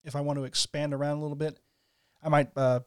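A man's voice: on the high side, flat delivery, quick pace, smooth, dry recording, studio quality. A man co-hosting a casual podcast, reading game rules aloud with asides and laughing easily. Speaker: podcast co-host.

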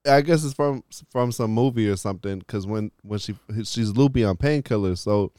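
A man's voice: lowish voice, moderate pace, warm tone, smooth, no echo, studio quality. A man co-hosting a casual podcast chat, telling a meandering story with laughs.

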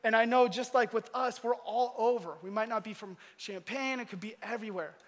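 A man giving a casual storytelling sermon, animated and slangy. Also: very high voice, a little fast. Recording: long hall reverb.

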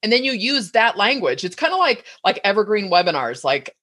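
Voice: medium pitch, very animated, brisk, fairly bright tone. A podcast host asking rambling, chatty questions and wrapping up an interview. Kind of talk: casual interview chat.

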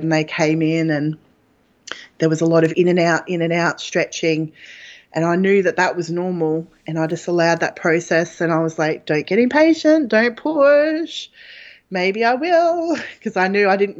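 A woman's voice: deep voice, level tone, normal speed. A woman guest telling a personal story in a frank, chatty way, with plenty of fillers. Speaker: interview guest. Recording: dull lo-fi audio.

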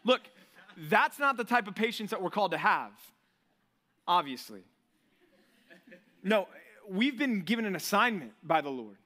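A male pastor giving a sermon in a lively, conversational way, often asking the congregation rhetorical questions. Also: high-pitched, measured pace, long pauses.

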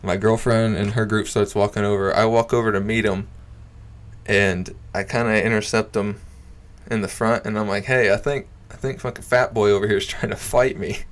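A young man casually telling a story, swearing freely, laughing often and dropping into low mutters. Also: steady tone, moderate pace.

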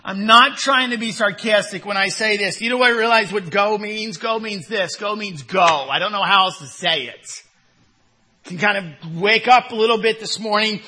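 Bright, husky-voiced man preaching. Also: high-pitched, moderate pace. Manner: emphatic preaching with repeated rhetorical questions, rising to loud commands. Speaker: pastor. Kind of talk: sermon.

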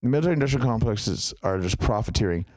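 A man's voice: medium pitch, animated, quick pace, darkish tone, no room sound, studio quality. A man co-hosting a podcast, talking in a loose, rambling way full of fillers and tangents. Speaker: podcast co-host. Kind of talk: casual chat.

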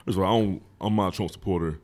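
A man's voice: deep voice, rapid-fire, darkish tone. A man, a DJ guest on a podcast, in casual chat with a blunt, laid-back manner.

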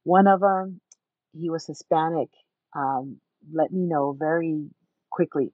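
A woman with a somewhat low voice tells her own story as an interview guest, emphatic and animated, slipping into the voices of the people she quotes. The sound is dull and lo-fi, with a dry, close feel and no room echo. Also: takes it slowly. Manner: emphatic, animated, acts out other people's words.

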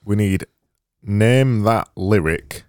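A man co-hosting a podcast in casual chat, teasing and deadpan. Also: on the low side, takes it slowly, smooth, no echo, studio quality. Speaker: podcast co-host.

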